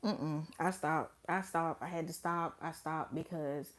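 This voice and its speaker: Blunt, animated young woman vlogging. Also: low-pitched, measured pace, slight background noise. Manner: animated, blunt and profane, with dramatic quoted asides. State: pregnant. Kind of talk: casual storytime vlog.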